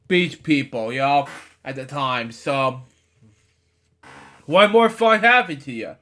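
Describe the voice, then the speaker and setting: A man's voice: medium pitch, animated, takes it slowly, pauses often, sharp tone. A young man reading a children's storybook aloud, stumbling over words and breaking off into rambling asides. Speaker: storybook reader. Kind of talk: casual read-aloud with asides.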